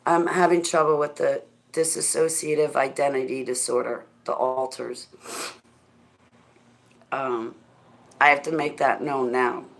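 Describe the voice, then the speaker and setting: Low-voiced woman chatting with her viewers. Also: steady tone, unhurried, gravelly, long pauses. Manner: rambling, laughs often, talks straight to viewers. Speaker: livestreamer answering chat. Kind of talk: casual chat.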